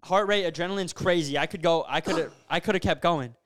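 A young man hosting a podcast, recounting a story in casual chat, animated and full of fillers like "bro" and "like". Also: a little high, fast. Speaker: podcast host.

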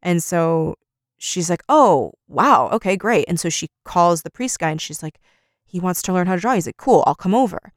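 A woman's voice: fairly low pitch, lively intonation, normal speed, dry recording, studio quality. A woman co-hosting a podcast, retelling a story in casual chat and acting out each character's lines. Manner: retells scenes by acting out quotes with "he's like". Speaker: podcast co-host.

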